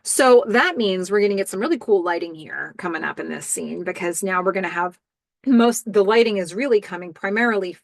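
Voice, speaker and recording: A woman's voice: medium pitch, fairly quick, no echo. A woman hosting a podcast, recapping a TV episode in a casual, descriptive and reflective way. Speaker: podcast host.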